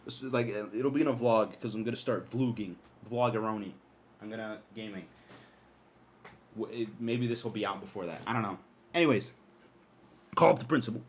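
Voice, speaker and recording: A young man hosting a podcast from his dark room at home, telling a story in an animated, profane way and laughing often. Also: fairly low pitch, brisk, long pauses, slight background noise. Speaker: podcast host. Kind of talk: casual storytelling.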